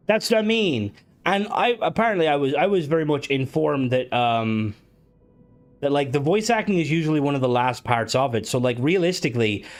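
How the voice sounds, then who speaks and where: Rambling, cursing male streamer. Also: mid-range voice. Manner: rambling, swears, many fillers and restarts. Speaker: game streamer. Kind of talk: casual live-stream chat.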